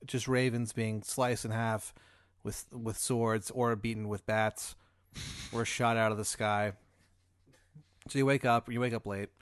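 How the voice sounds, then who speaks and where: A male podcast host telling an improvised comedic story in a rambling, deadpan way. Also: fairly low pitch, measured pace, long pauses, clear, resonant tone, dry recording, studio quality. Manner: rambling, deadpan, with filler words.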